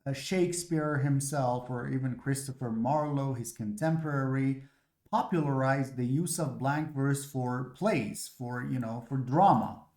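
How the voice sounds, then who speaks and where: A man's voice: medium pitch, unhurried, darkish tone. Patient male lecturer in an echoey room. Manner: patient, explains step by step, many "uh" fillers. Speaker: literature lecturer.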